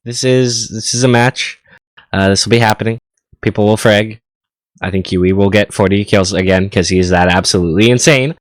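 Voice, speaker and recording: A man casting a live esports match, slightly hoarse, excitable and tripping over his words on a headset mic. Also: lowish voice, normal speed, no echo. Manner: excitable, stammering restarts. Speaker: esports caster.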